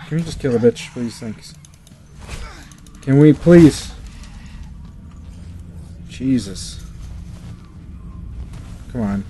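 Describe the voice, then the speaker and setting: A man's voice: mid-range voice, expressive, very slow, pauses often, dark tone, slight background noise. A young man commentating a video game, ranting and swearing in exasperation as he plays. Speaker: let's play commentator. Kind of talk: frustrated gameplay commentary.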